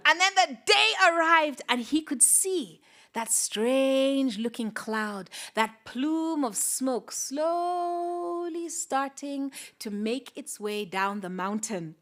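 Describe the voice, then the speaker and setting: A woman storyteller telling a folktale live, dramatic and expressive, with sound effects and whispered asides. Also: high-pitched, slow.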